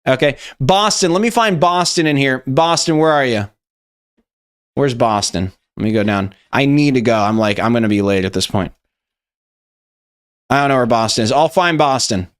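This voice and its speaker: A man's voice: mid-range voice, normal speed, clean tone. A young man hosting a live stream, reacting loosely and profanely to memes, rambling and chatty. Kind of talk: casual live-stream meme review.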